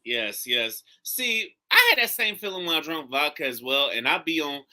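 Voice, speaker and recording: In a recording studio, a man with a somewhat high voice talks at normal speed. He hosts a podcast, telling jokey stories through animated, casual chat packed with swearing.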